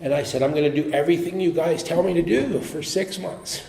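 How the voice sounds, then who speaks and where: A middle-aged man telling his personal recovery story at a meeting, earnest and animated, quick to laugh and sometimes dropping to a murmur. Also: on the high side, creaky, roomy sound, a little hiss or hum. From Pittsburgh area. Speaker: AA speaker. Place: meeting hall.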